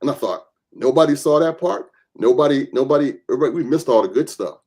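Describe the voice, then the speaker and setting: A man speaks at a medium pitch, quickly, with a slightly rough voice. He is a reverend and gun rights advocate appearing as a podcast guest, telling stories with animation and acting out the voices of the people he quotes.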